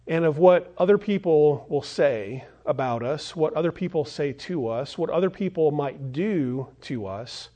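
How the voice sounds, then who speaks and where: Brief: male pastor, sermon delivery, earnest storyteller, slightly high voice. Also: warm tone.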